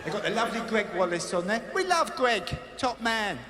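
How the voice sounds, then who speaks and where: Sardonic British stand-up comedian. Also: male voice, sits high, sing-song, brisk, long reverb tail, heavy background noise. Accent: British English. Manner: sardonic, rambling. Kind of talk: stand-up routine. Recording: live venue with loud crowd.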